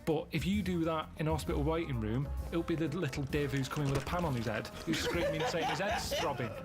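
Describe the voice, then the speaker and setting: A man telling rambling anecdotes in a deadpan, plodding way during casual comic chat. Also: a little high, quick pace, over loud music. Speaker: co-host.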